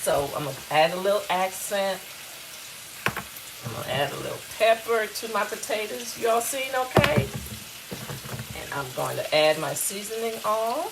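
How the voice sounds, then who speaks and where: Her mid-range voice is gravelly and very animated, moving at normal speed with frequent pauses. She's a cooking show host from the US South, chatting casually to viewers in a home kitchen over heavy noise from food sizzling loudly in a frying pan.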